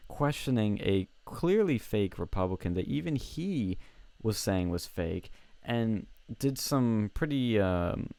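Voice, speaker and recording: A young man at home tells a story in a casual, animated way. He swears freely and often restarts his sentences. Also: fairly low pitch, slow, no echo. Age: young adult. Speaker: college student telling a story on a show.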